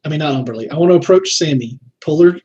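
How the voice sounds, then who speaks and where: A man's voice: on the high side, quick pace, warm tone, slightly rough. A man playing a tabletop game, earnest and a little hesitant. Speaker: player. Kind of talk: casual tabletop play. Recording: dull lo-fi audio with faint noise.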